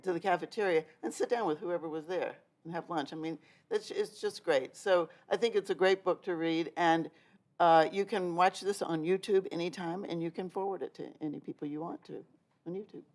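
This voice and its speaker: An older woman hosting an interview who tells stories in a chatty, brisk and informal way. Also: lowish voice, darkish tone. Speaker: interviewer and host. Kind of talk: casual conversational interview.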